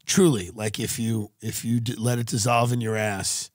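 A man hosting a podcast, doing a profane, deadpan comedic ad read that swings into shouted rants. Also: mid-range voice, measured pace, dry recording. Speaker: podcast host reading ads.

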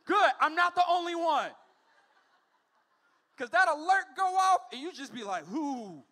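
A man's voice: very high-pitched, lively intonation, a little slow, bright, forceful tone. A man in his forties performing a stand-up comedy set on a comedy club stage, telling stories animatedly and acting out other people's voices. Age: 40s.

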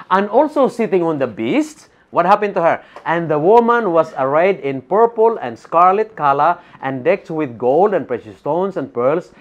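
A Filipino-accented man preaching in a church, his fairly high voice swinging widely up and down. He reads scripture aloud and keeps firing questions at the congregation. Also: highs cut off. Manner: animated, asks the congregation rhetorical questions. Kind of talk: sermon with Bible reading.

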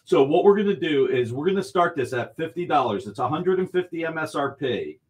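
Guy hyping a live comic auction on a video call, slightly high voice, keeps pushing bids. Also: lively intonation, a little fast, a little mellow. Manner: enthusiastic, pushes bidders along. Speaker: guest auctioneer. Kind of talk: live auction sales pitch.

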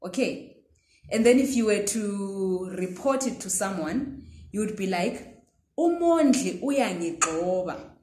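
A woman teaching a language pronunciation lesson, speaking patiently, repeating words slowly and often saying "okay". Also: medium pitch, darkish tone, roomy sound.

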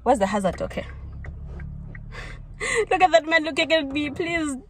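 A woman's voice: high voice, lively intonation, fast talker. A young woman from South Africa chatting casually to her viewers while driving, flustered, often exclaiming and laughing at herself. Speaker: vlogger. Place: inside a car on rural roads. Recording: car and road noise. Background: car and road noise.

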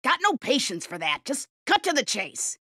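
A woman's voice: sits high, sing-song, moderate pace, bright, forceful tone, no echo, clean studio sound, exaggerated voice. Brusque older village lady. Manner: brusque, demanding. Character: gruff impatient older village woman.

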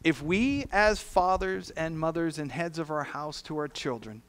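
A man preaches a sermon to his church, his voice sitting a little higher than most men's. He is earnest and pastoral. He moves between hushed, gentle lines and strong, emphatic ones. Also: measured pace. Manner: earnest preaching, swings from soft to loud. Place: church sanctuary.

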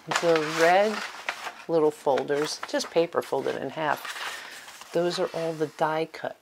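A middle-aged woman giving a relaxed, chatty tour of her small home craft room. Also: low-pitched, slow pace, gravelly, noisy background. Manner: chatty, with fillers and little laughs. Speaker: vlogger giving a studio tour. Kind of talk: casual tour talk.

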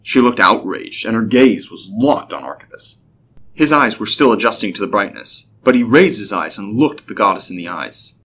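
A man narrating a scripted story in a steady, even way. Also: lowish voice, normal speed, slight background noise.

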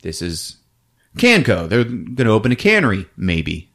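A man hosting a comedy podcast, recapping a film with lots of laughter and quick character impressions. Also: fairly low pitch, background noise. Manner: animated, laughs often, acts out characters.

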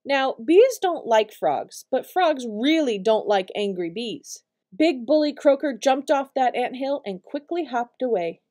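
A woman reads a picture book aloud to preschoolers with expressive, storytelling delivery. Her voice is fairly high, yet soft and mellow instead of bright. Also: measured pace. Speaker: storytime reader.

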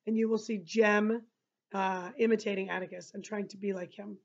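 A woman teacher reading a novel aloud and pausing to explain passages to her listeners. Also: mid-range voice, fairly even intonation. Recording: dull lo-fi recording.

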